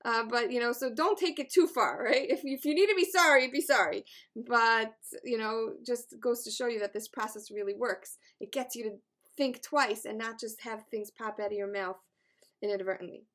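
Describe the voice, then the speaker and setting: A woman's voice: on the high side, moderate pace, fairly bright tone. A middle-aged woman teaching a class in an earnest, encouraging way, with touches of self-deprecating humor. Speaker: class instructor.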